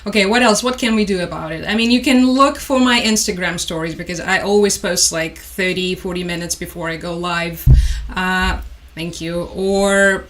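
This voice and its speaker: A woman's voice: on the low side, moderate pace, a bit bright. A woman from Ukraine hosting a casual news livestream, chatty and tired, with dry sarcastic humor and frequent laughs. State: stressed and tired. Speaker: livestream host. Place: home room with a collection on the wall.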